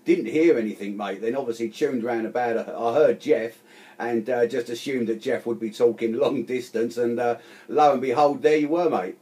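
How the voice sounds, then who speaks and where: A man's voice: medium pitch, moderate pace, warm tone, slight background noise. A man chatting casually on amateur radio, friendly, calling the other man mate again and again. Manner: chatty, says mate constantly.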